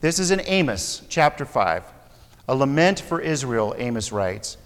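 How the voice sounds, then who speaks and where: A man's voice: medium pitch, sing-song, unhurried. Earnest American man teaching in a hall. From United States. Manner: earnest, discursive, self-correcting. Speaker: Bible teacher. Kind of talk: Bible class lecture. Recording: long hall reverb.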